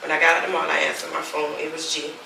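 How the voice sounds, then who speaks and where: A mother speaks candidly in her own gravelly voice, slipping into the voices of the people she spoke to on the phone. The sound is roomy and echoing, picked up from some distance, with steady noise underneath. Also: low voice, very fast. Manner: candid, acts out the phone calls with quoted dialogue. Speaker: mother telling her story. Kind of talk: personal testimony for a documentary. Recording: echoey room, distant mic, background noise.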